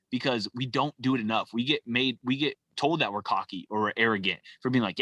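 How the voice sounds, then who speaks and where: A man's voice: mid-range voice, fairly quick, bright, forceful tone, dry recording. A man from California, a podcast guest, speaking casually and from the heart, filling his talk with "like" and "man.". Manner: loose and heartfelt, full of "like" and "man". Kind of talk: casual conversation.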